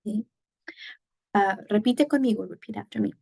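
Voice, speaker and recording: A woman's voice: medium pitch, brisk, creaky, a little mellow, breathy edge, dry recording, poor audio. A woman teaching a Spanish lesson, explaining patiently step by step and moving between English and Spanish. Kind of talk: recorded classroom lesson.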